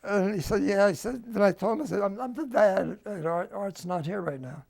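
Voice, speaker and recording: A man's voice: sits high, animated, fairly quick, creaky, darkish tone. An older man with a New Jersey accent, telling family stories in an oral history interview at home and acting out the dialogue. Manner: storytelling, acts out quoted dialogue.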